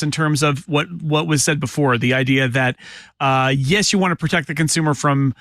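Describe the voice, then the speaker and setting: A man on a podcast panel in casual chat, wry and opinionated, talking in quick bursts. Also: a little high, fairly even intonation, fairly bright tone, no room sound.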